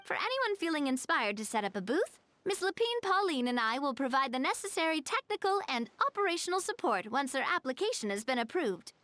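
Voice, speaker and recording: A woman's voice: high voice, sing-song, a little fast, few pauses, a bit bright, no room sound. A woman voicing a gracious young woman leader in a video game, speaking politely and explaining things kindly. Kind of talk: video game cutscene dialogue.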